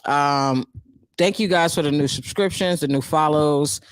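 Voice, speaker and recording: A woman with a New York accent hosts her own live stream, casually recapping a book and reacting to viewers' chat. Her voice is low and unhurried, and she talks in a loose, chatty way full of fillers. The audio is clean studio sound with no echo.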